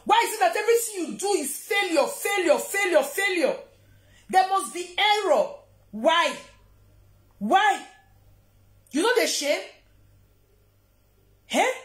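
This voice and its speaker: Taking her time and pausing often, a Nigerian woman vlogger confronts someone on camera, berating and mocking them. She speaks in a very high pitch with lively intonation, and the audio carries a roomy echo.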